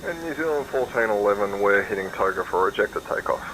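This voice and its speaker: Deep-voiced man on radio. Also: a little fast, rough recording. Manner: offhand, relaxed. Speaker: pilot on shared radio. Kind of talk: casual radio calls. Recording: radio chatter over loud aircraft noise.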